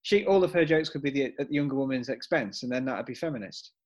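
Deadpan man co-hosting a podcast. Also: mid-range voice, fast talker. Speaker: podcast co-host. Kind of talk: dry satirical banter.

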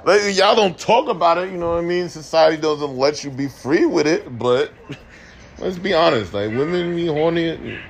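A man's voice: on the high side, lively intonation, moderate pace, creaky, slight background noise. A young man hosting a podcast, ranting casually with lots of slang and swearing, laughing often. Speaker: podcast host. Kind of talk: casual opinion rant.

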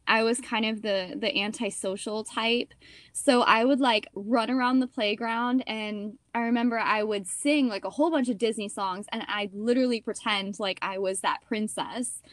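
Young woman actor, animated chatterbox, fairly high voice, dry close sound. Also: no echo. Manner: chatty, animated, heavy use of "like" and "you know". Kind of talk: casual interview storytelling.

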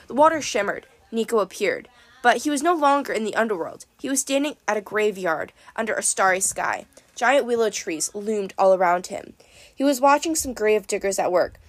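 A woman's voice: medium pitch, no echo. Woman reading a first-person audiobook. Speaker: audiobook narrator.

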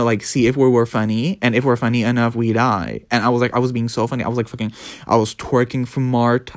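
Animated young podcast storyteller. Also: medium pitch, no room sound, studio quality. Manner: animated, profane, laughing storyteller. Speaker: podcast host. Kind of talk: casual storytelling monologue.

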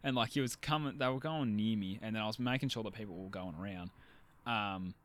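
A man's voice: fairly low pitch, a little fast, a bit bright. Rambling young Australian man. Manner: rambling, swears, lots of fillers and restarts. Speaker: shop worker telling a story. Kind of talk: casual chat.

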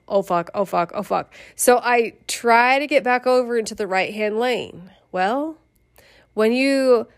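A middle-aged woman casually telling a personal memoir, animated, swearing and laughing as she goes. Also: a little high. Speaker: storyteller.

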